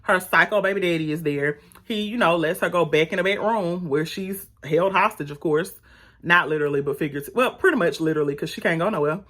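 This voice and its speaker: A woman reviewing a TV episode in a casual, animated, sassy way, talking straight to her viewers. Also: lowish voice, fast talker. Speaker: YouTube reviewer.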